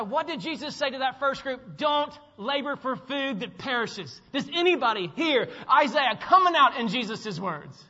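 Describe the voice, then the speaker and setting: A man preaching a sermon as pastor, swinging between loud calls and hushed low lines and asking the congregation to fill in words. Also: sing-song, normal speed, hardly any pauses, in a large hall, dull audio. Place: church sanctuary.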